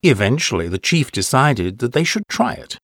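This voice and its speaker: A man reading a course-book listening text as scripted narration, expressive, with wide pitch swings. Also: normal speed, no room sound, studio quality.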